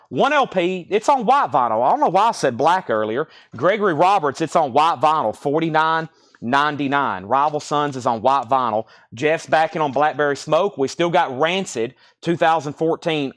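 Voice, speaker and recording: Brisk man calling a live record sale. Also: fairly high pitch. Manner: rapid-fire listing of prices and bids. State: out of breath. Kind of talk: livestream auction patter.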